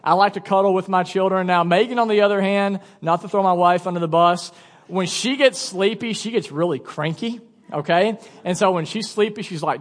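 A man's voice: high voice, fairly quick. A man in his thirties, a pastor preaching a sermon in a casual, joking storytelling manner. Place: church sanctuary. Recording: long church reverb.

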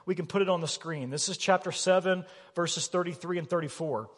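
A man with a high, slightly husky voice preaches an emphatic sermon. He keeps asking his listeners questions. The long reverb of a church hall follows every line. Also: brisk. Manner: animated, emphatic, rhetorical questions. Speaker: pastor. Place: church sanctuary.

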